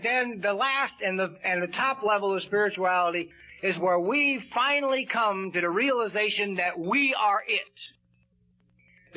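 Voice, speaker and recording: A man speaking at a recovery meeting, telling stories in a folksy way with casual swearing and plenty of "you know" and "man". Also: high voice. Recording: dull lo-fi tape.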